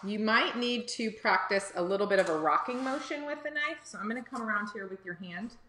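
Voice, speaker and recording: A woman's voice: medium pitch, lively intonation, a little fast, bright, forceful tone, roomy sound, slight background noise. Chatty woman teaching kids to cook. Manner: encouraging, chatty, addresses viewers directly. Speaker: cooking teacher and livestream host. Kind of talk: live cooking lesson for kids. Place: home kitchen. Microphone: phone or camera on livestream.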